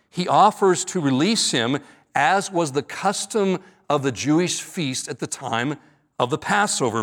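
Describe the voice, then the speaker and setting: A man preaching an earnest expository sermon, stretching key words for emphasis. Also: fairly high pitch. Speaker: pastor.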